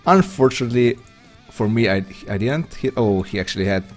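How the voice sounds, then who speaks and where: A man's voice: medium pitch, expressive, brisk, a little mellow, soft background music. A man chatting loosely with viewers while streaming an online poker game, rambling and self-deprecating. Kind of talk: live-stream chat while playing.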